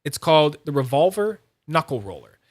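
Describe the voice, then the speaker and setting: A man hosting a fidget toy channel, chatting casually and excitably, rambling, teasing himself and greeting viewers by name. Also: on the high side, moderate pace, no room sound, clean studio sound. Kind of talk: casual rambling livestream-style review.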